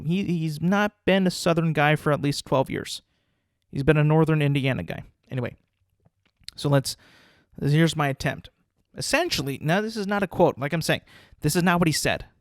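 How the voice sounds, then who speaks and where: Young man, podcast host, casual sports rant, slightly high voice, dry close mic, rambling with many restarts. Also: dry recording. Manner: rambling, repeats words, restarts often.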